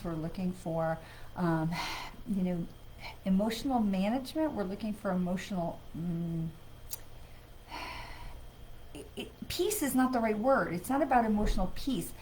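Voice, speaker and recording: Woman psychic host, mid-pitched, conversational live reading with sighs and "um"s; slight noise behind. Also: low-quality recording. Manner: conversational, with frequent fillers and sighs; greets viewers by name. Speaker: psychic medium. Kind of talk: live-streamed card reading.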